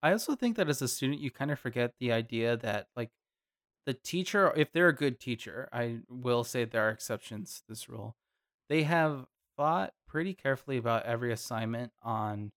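A man hosts a podcast in a relaxed, chatty way. His voice sits at a middle pitch, and he talks animatedly with quick asides. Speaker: podcast co-host. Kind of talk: casual chat.

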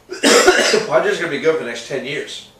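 A man's voice: a little high, animated, a little slow, bright, forceful tone, distant mic. A young adult man co-hosting a podcast, self-mocking and profane in casual chat. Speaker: podcast co-host. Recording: echoey room, away from the mic.

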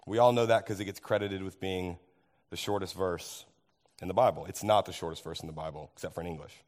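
A man preaching a sermon as pastor, his voice hoarse from overuse, animated and asking the congregation questions. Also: sits low, quick pace. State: hoarse, tired voice.

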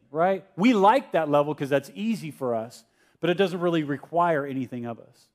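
A male pastor delivers a conversational sermon, asking his congregation questions in a slightly high, slightly fast voice. At times he acts out Peter's confused voice.

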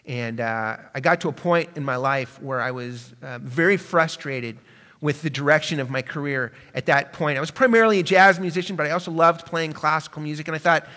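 A man preaching a sermon to a congregation, swinging between hushed, reflective passages and loud, emphatic ones. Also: a little high, brisk. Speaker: pastor. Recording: reverberant hall.

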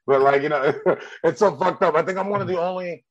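A young man with a Mexican accent, a stand-up comedian appearing as a podcast guest, chats bluntly and rambles, laughing and swearing a lot. His voice is a little high and a little fast, and the recording is dry with the highs cut off.

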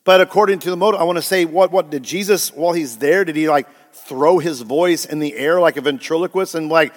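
Male pastor preaching, pretty high voice, keeps asking the church questions, big hall echo. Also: a little fast. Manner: emphatic, asks the congregation rhetorical questions. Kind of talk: sermon.

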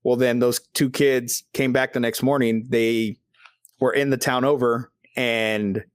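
A man's voice: medium pitch, steady tone, unhurried, smooth, dry recording. A man hosting a podcast in casual chat, telling stories loosely with lots of swearing and filler words. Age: adult father. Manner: loose and profane, full of fillers. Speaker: podcast host.

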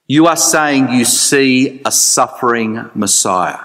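A man preaching a sermon in church, chatty and animated with dry asides. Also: medium pitch, a little slow, few pauses, in a large hall. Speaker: pastor.

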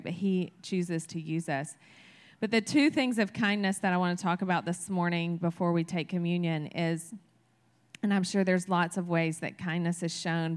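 A woman's voice: mid-range voice, fairly bright tone. A woman giving a casual sermon, speaking in a chatty, conversational way and often asking her listeners "right?" as she tells a story from her farm upbringing. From rural farm community. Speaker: church speaker.

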